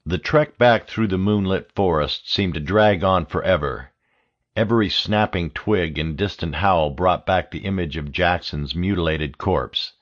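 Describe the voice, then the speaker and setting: Deep-voiced male audiobook narrator. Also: highs cut off. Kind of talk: scripted narration.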